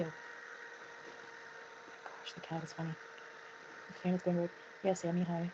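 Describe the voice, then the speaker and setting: A woman's voice: on the low side, monotone, measured pace. A woman chatting casually on a livestream, greeting viewers by name as she talks. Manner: chatty, reads chat names aloud. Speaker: livestream guest. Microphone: home mic with a fan humming. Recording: lo-fi with loud fan noise.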